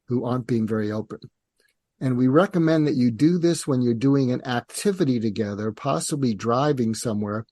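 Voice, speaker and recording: An older man speaks as a psychiatrist guest, explaining patiently and steadily. His voice is mellow and relaxed. The recording is dry and close. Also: mid-range voice, dry recording. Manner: calm, measured, acts out parent and teen dialogue. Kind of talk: conversational interview explanation.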